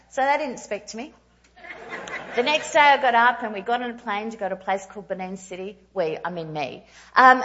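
A woman in her thirties preaching a storytelling sermon, animated and self-mocking with quick asides. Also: a little high, highs cut off. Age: 30s.

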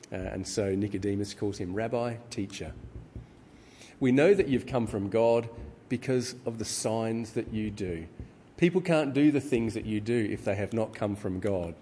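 Middle-aged guy giving a sermon, lowish voice, long hall reverb. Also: a little mellow, a little hiss or hum. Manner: measured teaching tone with filler ums. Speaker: preacher. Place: church hall. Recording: reverberant hall with faint ambience.

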